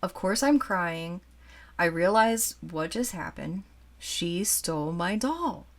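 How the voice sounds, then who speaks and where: A woman in her forties who collects dolls, telling a childhood story in a chatty, animated way while showing a doll to the camera. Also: fairly low pitch, slow pace. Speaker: doll collector and channel host. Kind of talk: casual storytime chat.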